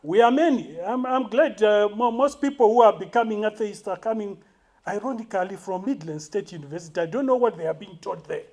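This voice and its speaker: A man addresses a conference audience in a fairly high voice. He argues bluntly and provocatively, firing off pointed questions. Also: brisk, a little mellow. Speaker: conference speaker. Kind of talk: public talk. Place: university conference hall.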